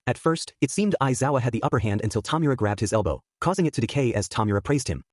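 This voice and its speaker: A man reading a fan story aloud at a quick clip, with his voice rising and falling. The sound is dry and close, and his pitch sits in an ordinary male middle. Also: lively intonation, dry recording. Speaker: fan fiction reader. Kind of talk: storybook narration.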